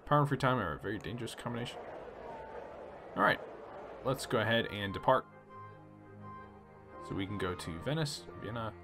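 A man hosting a relaxed let's play, reading story text aloud and chatting about his choices. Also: lowish voice, a little fast, long pauses, over music. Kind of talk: casual gameplay commentary reading game text aloud.

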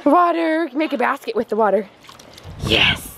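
A woman's voice: high voice, lively intonation, moderate pace, gravelly, fairly bright tone. A young woman and mother chatting casually in a family vlog at home and in the backyard, playful and sing-song with her toddler. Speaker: vlogger, mother. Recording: noisy home video with breeze.

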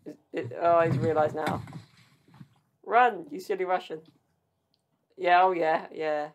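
A man's voice: on the high side, steady tone, a little slow, background noise. A man with a British accent giving casual, blunt and exclamatory reaction commentary with cheeky banter. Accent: British English. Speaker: video commentator.

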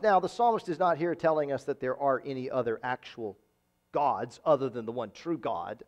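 A pastor preaching a sermon, stressing points by repeating phrases and reading verses aloud. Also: male voice, mid-range voice, animated, moderate pace, darkish tone. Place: church.

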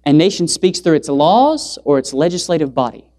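A man's voice: very animated, normal speed. Brief: emphatic male preacher quizzing the congregation. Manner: emphatic, asks the audience rhetorical questions; swings pitch and loudness for emphasis. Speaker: evangelist preacher. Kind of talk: sermon. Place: church.

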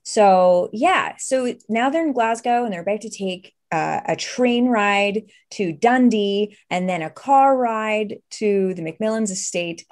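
A woman's voice: medium pitch, animated, unhurried, hardly any pauses, a little mellow. A woman running a tabletop horror game as game master, upbeat and chatty as she introduces players and sets the scene.

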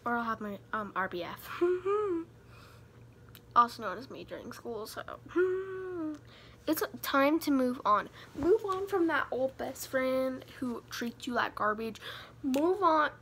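High-pitched teen girl rambling advice to her camera, giddy and self-mocking, faint room hiss. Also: very animated, slow pace, a bit bright. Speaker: vlogger. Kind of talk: casual advice vlog.

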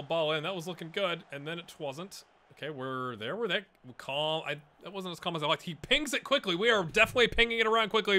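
A man talks through his football management game in a casual, self-mocking way and keeps cheering his players on. His voice is very bright and sits a little high. He speaks close to a desk microphone. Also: animated, fast. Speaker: gaming YouTuber.

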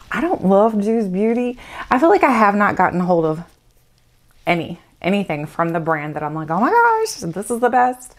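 A woman in her thirties chatting candidly through a beauty product review, with lots of "like" fillers. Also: lowish voice. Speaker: beauty vlogger reviewing samples.

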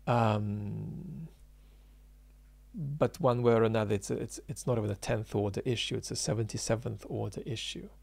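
A man's voice: lowish voice, normal speed, vocal fry, darkish tone, breathy edge. A man giving unscripted political commentary, emphatic and argumentative, thinking aloud with frequent ums and restarts.

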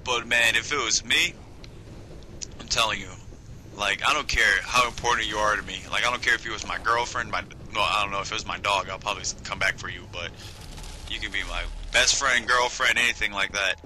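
A man giving casual let's-play commentary on a game, joking, swearing and bursting into high shrieking voices. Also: brisk, pushed and bright, slight background noise. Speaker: gameplay commentator.

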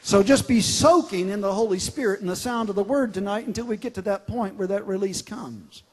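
High-voiced preacher in a reverberant hall. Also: male voice, brisk, breathy edge. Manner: emphatic, swings from loud declarations to quiet storytelling. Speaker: pastor. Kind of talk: sermon. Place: large church sanctuary.

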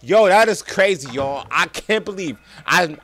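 A young man giving let's play commentary, excitable, talking to viewers as "y'all" and yelping and laughing at scares. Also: sits high, unhurried. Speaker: gaming streamer.

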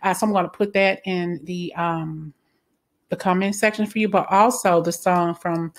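This tarot reader has a fairly low, steady voice and talks at a normal speed. Her casual reading is blunt and full of swearing, with sudden angry flare-ups and frequent "okay?" tacked onto the ends of sentences.

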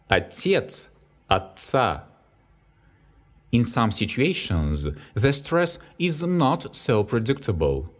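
A native Russian tutor with a Russian accent works through a vocabulary lesson at a slow, deliberate pace. He reads each word, then an example sentence, then its translation. His pitch rises and falls in a lively way.

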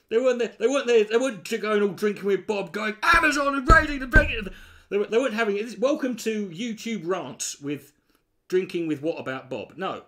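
A man giving sweary, sarcastic reaction commentary on a video he mocks. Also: high voice. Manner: sarcastic, swearing, mocking mimicry.

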